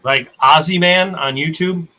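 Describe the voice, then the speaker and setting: Streamer type: American man, bright and forward tone, chatty and self-correcting. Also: on the high side, unhurried, low-quality recording. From United States. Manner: rambling, self-correcting, talks to chat. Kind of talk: casual chat on a live stream.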